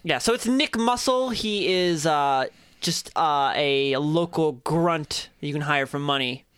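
A man's voice: a little high, unhurried, fairly bright tone, smooth, no room sound. A man running a tabletop game as game master, narrating loosely with many fillers and restarts. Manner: rambling, full of fillers and restarts.

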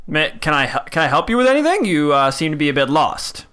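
A game master voicing a fussy, stammering, prim man in sweater vests, with a lower, slower voice than their own. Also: big pitch swings, a bit bright. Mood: flustered polite.

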